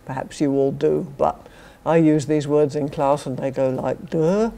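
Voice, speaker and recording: Speaking in a low, level voice at a normal speed, an older British philosophy professor with a British accent lectures to a university society. Her tone is creaky and dark, and she adds wry, dry humour and chuckled asides.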